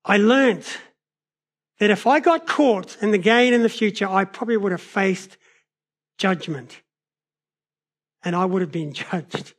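High-voiced New preacher. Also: male voice. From New Zealand. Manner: animated storyteller, varies pace and loudness. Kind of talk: sermon with personal storytelling.

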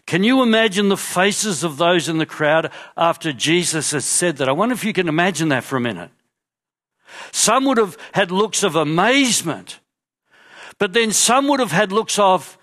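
Preacher, male, high-pitched, storytelling sermon delivery with hushed asides. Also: expressive, moderate pace. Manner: storytelling, acting out the crowd and drops to quiet asides. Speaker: pastor.

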